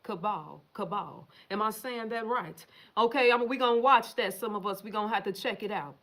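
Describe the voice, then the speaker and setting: A woman's voice: a little high, fairly quick, fairly bright tone. A woman hosting a casual livestream, reading viewer comments and answering them in a profane, emphatic way straight to her viewers.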